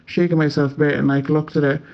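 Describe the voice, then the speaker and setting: A man's voice: a little high, level tone, fast talker, vocal fry. A young man with an Irish accent casually telling a story. He swears freely and fills his talk with "like". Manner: chatty, swears often, many filler "like"s. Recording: slightly muffled lo-fi audio.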